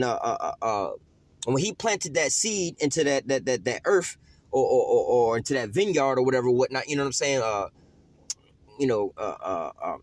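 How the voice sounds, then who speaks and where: A man preaching a casual street-style sermon, slangy and profane, with frequent drawn-out "uh" fillers between phrases. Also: mid-range voice, dry recording. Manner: slangy, profane, repeats "you know what I'm saying"; fills pauses with drawn-out "uh".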